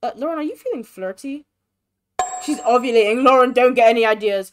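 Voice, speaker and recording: A young woman giving casual, chatty commentary on a life-simulation game, expressive and sympathetic. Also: a little high, fairly quick, a little hiss or hum. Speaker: gaming creator.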